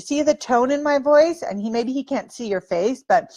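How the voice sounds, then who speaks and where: A woman's voice: high voice, animated, moderate pace, darkish tone, dry recording, dull audio. A woman dating coach giving advice straight to camera in a breezy, playful way, acting out sample lines.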